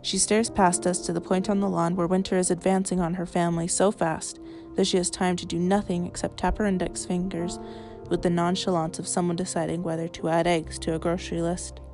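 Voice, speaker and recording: A woman reads a literary short story aloud in a measured, steady voice from inside her car. Her tone sits low with a creaky, gravelly texture, and faint music runs underneath. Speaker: podcast host reading fiction.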